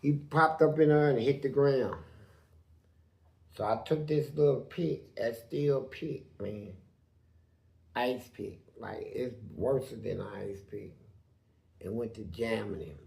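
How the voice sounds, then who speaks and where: A man's voice: mid-range voice, takes it slowly, gravelly, long pauses, darkish tone, echoey room. A man telling a prison story in a blunt, profane way, full of sound words. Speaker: storyteller guest.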